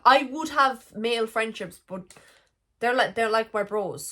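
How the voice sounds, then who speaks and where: A woman's voice: a little high, sharp tone. A young woman vlogging a frank, emotional confessional monologue, swearing freely as she talks.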